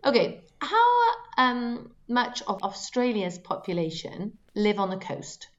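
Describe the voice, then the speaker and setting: Casual podcast co-host, a woman running a quiz with playful, animated delivery and a muffled recording. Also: slow pace. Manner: playful and teasing, lively pitch jumps. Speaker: teacher. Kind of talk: casual chat.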